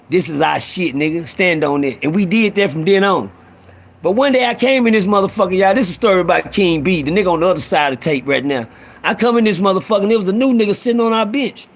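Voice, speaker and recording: High-voiced man telling prison stories. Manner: animated, profane storytelling, acting out voices. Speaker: host. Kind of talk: storytelling on a live audio stream.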